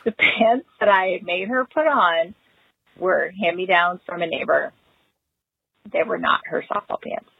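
Husky-voiced mother on a phone message. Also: on the low side, unhurried, no echo. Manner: rueful, self-mocking storytelling. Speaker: caller. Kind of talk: voicemail confession. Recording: tinny phone-line voicemail.

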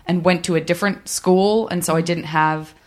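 A woman's voice: lowish voice, fairly even intonation, moderate pace. A woman hosting a podcast, asking long, rambling questions with frequent restarts in casual chat. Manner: rambling, self-correcting questions. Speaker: podcast host.

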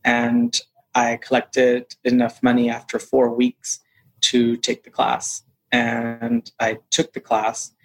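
A man, an actor being interviewed, telling a personal story in a lively, casual way. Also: medium pitch, takes it slowly, gravelly, poor audio. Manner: animated, acts out quoted voices. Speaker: actor guest.

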